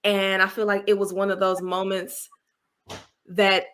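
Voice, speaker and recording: A woman guest on a podcast, talking in an animated, expressive way about speaking and laughing easily. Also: mid-range voice, a little slow, clear, resonant tone. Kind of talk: casual interview.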